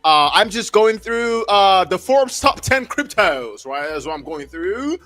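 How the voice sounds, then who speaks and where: Animated man hosting a livestream. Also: high-pitched, no echo, faint music behind. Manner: reads haltingly with many fillers and restarts, breaking off to react and greet chat. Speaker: livestream host. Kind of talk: casual livestream, reading an article aloud.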